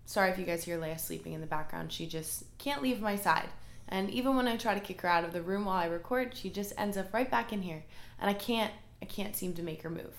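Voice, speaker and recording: A woman's voice: mid-range voice, fairly quick, gravelly. A woman hosting a solo podcast, talking candidly and emotionally about self-doubt in a casual way full of fillers, recorded in a room at home. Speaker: podcast host. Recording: roomy echo.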